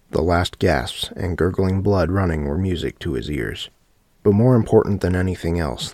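A man narrating a horror story audiobook in a steady, matter-of-fact reading. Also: low voice, no echo.

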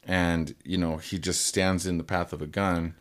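A man's voice: deep voice, little pitch movement, normal speed. A young man in casual conversation about comics, talking in a loose, rambling way with lots of fillers. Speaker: comic book discussion co-host. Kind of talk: casual chat.

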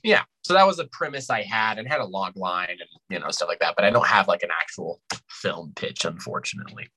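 A man chatting as an actor guest on a podcast, hesitant, with many fillers and restarts, and his voice jumps up high when he quotes himself. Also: expressive, fairly quick, sharp tone, husky, poor audio. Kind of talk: casual podcast chat.

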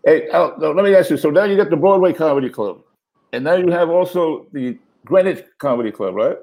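A man's voice: on the high side, expressive, brisk, darkish tone. A man hosting a casual interview, chatty and agreeable with his guest.

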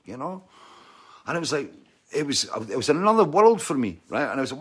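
A man's voice: on the high side, very animated, fairly quick, a bit bright, husky. A man with a Scottish accent telling a rambling anecdote, often checking in with "right?" and mimicking sounds with his mouth.

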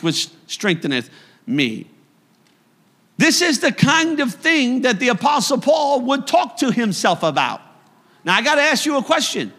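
Male pastor, church sermon, bright ringing tone, slightly high voice, emphatic then hushed. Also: big pitch swings, normal speed, big-room sound. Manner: preaching with rising emphatic bursts, then quiet and reflective.

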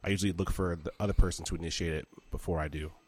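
A man's voice: low voice, steady tone, very fast, a little mellow, husky. A man hosting a podcast in casual chat, joking and laughing a lot, saying bro often. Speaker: podcast host.

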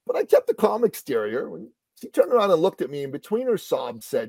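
Man, middle-aged, business coach, motivational story, lively pitch swings, mellow voice, dry close sound. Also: brisk, creaky, few pauses, husky, dry recording. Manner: animated, conversational storyteller.

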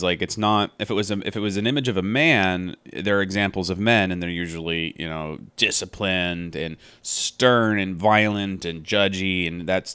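Deep smooth-voiced man musing aloud. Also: bright, forceful tone, no room sound. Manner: thinking aloud, meandering and earnest. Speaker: Bible study podcaster. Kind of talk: casual spoken Bible commentary.

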